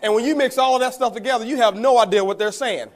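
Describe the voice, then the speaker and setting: In a very high-pitched voice and at a fast clip, a man speaks as a network marketing speaker at a motivational talk. He chuckles as he shares his story, calling his listeners guys.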